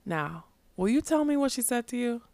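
A woman voicing a remorseful, wry male magician in a storybook reading, halting and gentle. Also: on the high side, very animated, no room sound, voice pushed up.

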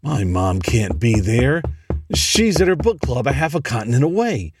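A man reading a horror story aloud in a slow, dramatic, dread-filled way. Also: mid-range voice, sing-song, over music. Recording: noisy home recording.

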